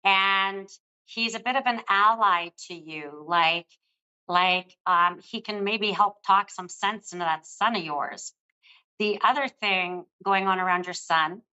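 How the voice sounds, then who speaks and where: Bright-voiced older woman giving a psychic reading. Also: medium pitch, smooth, highs cut off. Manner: soothing, affectionate, calls the caller love. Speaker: psychic reader. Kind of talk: live psychic reading on air.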